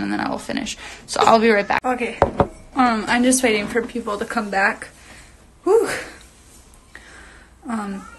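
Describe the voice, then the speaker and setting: A woman's voice: mid-range voice, creaky, a bit bright, a little hiss or hum, poor audio. A young woman telling a long story on a phone livestream, rambling with lots of fillers and casual swearing. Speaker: reality TV personality on a livestream.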